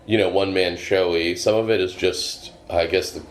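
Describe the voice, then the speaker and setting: A man's voice: deep voice, fairly even intonation, moderate pace. A male comedian from Boston, a guest on a podcast, telling stories in casual chat with a meandering, filler-filled, dry delivery. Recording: roomy with faint noise.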